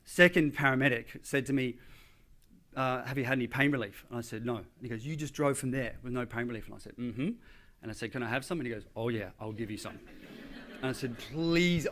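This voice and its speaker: A man's voice: mid-range voice, a bit bright. A man giving a motivational speech on stage, telling a dramatic personal story. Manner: vivid, conversational storytelling with quoted dialogue. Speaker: motivational speaker. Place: event stage before an audience.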